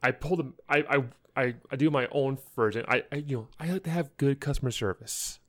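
A man's voice: medium pitch, fairly quick, a bit bright. A young man co-hosting a podcast, telling an angry story in a casual chat and acting out the people he quotes. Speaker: podcast co-host.

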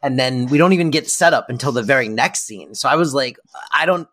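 Co-host, casual chat, hesitant, mid-pitched. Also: lively intonation, fairly quick, fairly bright tone. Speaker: podcast co-host. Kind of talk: casual episode recap chat.

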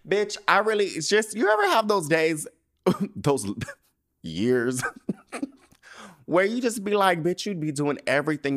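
A man's voice: fairly high pitch, sing-song, a little slow, pauses often, fairly bright tone. A man hosting his own podcast in a casual solo monologue, sassy and profane with plenty of slang and laughter, sounding weary and stressed. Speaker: podcast host.

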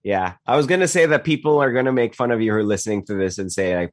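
A man co-hosting a radio show, chatty and explaining his points with quick stammered restarts. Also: fairly low pitch, no echo. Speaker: radio co-host. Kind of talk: casual chat.

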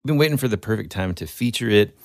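A man's voice: lowish voice, animated, fast talker. A man hosting a podcast in casual chat, wryly steering the recording along. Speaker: podcast host.

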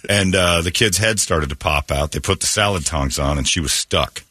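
A man's voice: sits low, moderate pace, sharp tone, dry recording. A man hosting a comedy talk show, telling crude, exaggerated stories and putting on mocking voices. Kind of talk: comedic banter.

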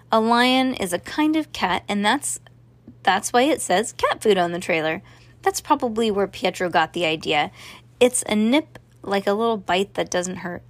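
A woman's voice: on the high side, no room sound, lightly acted. A woman doing a nervous, know-it-all boy, Max Ernest.

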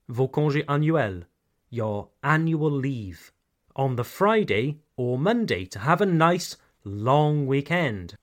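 Male teacher, podcast lesson, fairly high and very lively voice, talks straight to listeners. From United Kingdom. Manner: slow, clear, repeats key phrases, addresses "dear listeners". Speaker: English teacher, podcast host.

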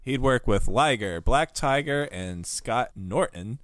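A man co-hosting a podcast, reading prepared notes with mock-serious, deadpan sarcasm. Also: medium pitch, slow pace, no echo. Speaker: podcast co-host.

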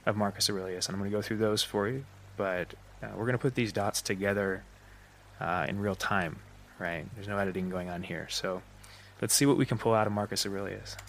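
A man's voice: on the low side, steady tone, brisk, a bit bright, slight background noise. A man hosting a solo podcast, thinking aloud with fillers and restarts, his breath slightly shaky and short. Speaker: podcast host. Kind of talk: unscripted solo podcast talk.

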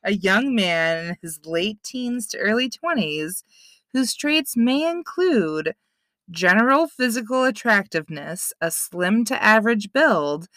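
A woman's voice: medium pitch, lively intonation, measured pace, fairly bright tone, no echo. A woman co-hosting a podcast, wry and teasing, laughing often in casual banter. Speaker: podcast co-host.

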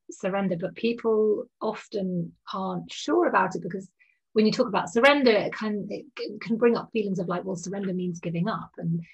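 A woman hosting a podcast interview, enthusiastic and quick to laugh. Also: medium pitch, breathy edge, highs cut off. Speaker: podcast host. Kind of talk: casual interview chat.

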